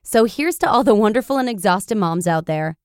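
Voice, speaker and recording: A woman podcast host reading a blog post aloud in an expressive, animated storytelling manner. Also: mid-range voice, fairly quick, no room sound, studio quality.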